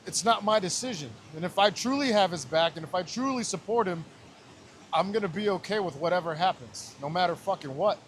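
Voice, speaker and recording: Podcast guest, man, thirties, higher voice, emotional and profane storytelling, faint hiss. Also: lively intonation, brisk. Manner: raw, emotional, swears often, retells scenes with quoted voices. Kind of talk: personal storytelling in casual talk.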